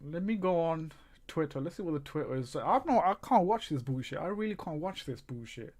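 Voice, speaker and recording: A man streams a live football watchalong, groaning and ranting at the match while speaking directly to his chat viewers. His voice is fairly high, expressive, a bit mellow, and fairly quick, with an exasperated manner throughout.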